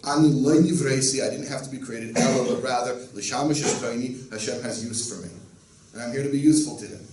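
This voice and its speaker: A man's voice: mid-range voice, fairly even intonation, fast, darkish tone. Male rabbi, earnest teaching voice, Yiddish-laced lecture, distant roomy recording. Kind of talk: Torah lecture. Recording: roomy, distant mic, faint noise.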